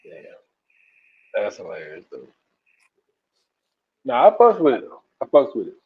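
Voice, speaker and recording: A man's voice: mid-range voice, wildly swooping pitch, a little slow, slightly rough, phone-quality sound. A man co-hosting a podcast, giving laid-back, short agreeing replies in casual chat. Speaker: podcast co-host. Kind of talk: casual movie review chat.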